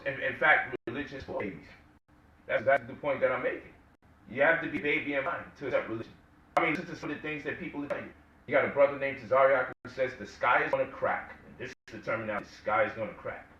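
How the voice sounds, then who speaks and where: A man's voice: medium pitch, fast, lo-fi sound. A man giving an impassioned lecture-style talk, firing off rhetorical questions and mocking quotes. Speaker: guest speaker. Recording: echoey room, mic at distance.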